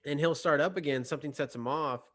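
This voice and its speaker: A podcast host with a fairly high, bright voice talks fast while sharing candid personal stories in conversation. His manner is reflective and earnest, and he often stops and restarts sentences as he thinks.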